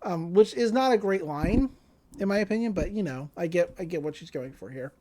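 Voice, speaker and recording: Woman, podcast co-host, casual episode recap, animated, acts out lines, laughs a lot. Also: on the low side, a little fast, slight background noise.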